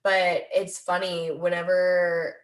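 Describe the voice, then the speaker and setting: A woman's voice: lowish voice, level tone, slow, far from the mic. A woman guest chatting casually on a podcast, rambling with lots of fillers. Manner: rambling, filler-heavy, laughs often. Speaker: guest athlete. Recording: roomy, away from the mic.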